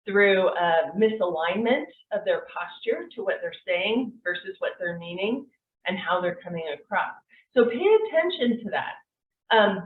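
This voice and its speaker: Woman lecturing over a tinny, echoey line. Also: mid-range voice. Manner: conversational, explanatory, frequent "um" and "kind of". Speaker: NLP course instructor. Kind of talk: online course lecture. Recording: tinny, echoey, distant mic.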